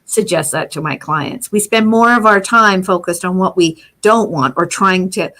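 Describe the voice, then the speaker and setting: A woman hosting a podcast, talking calmly in a reflective coaching tone. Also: fairly low pitch, moderate pace. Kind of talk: casual podcast chat.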